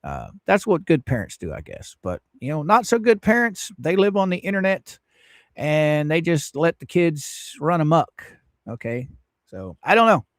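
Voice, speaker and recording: A man's voice: on the high side, big pitch swings, moderate pace, dry recording, clean studio sound. A man in his fifties hosting a casual livestream, greeting viewers by name in a drawling, teasing, sarcastic way. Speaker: livestream host.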